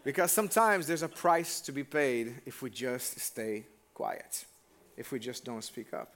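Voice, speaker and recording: A male pastor giving a relaxed, conversational sermon in a church. His voice sits at a medium pitch, and he talks directly to the congregation and throws questions at them. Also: measured pace.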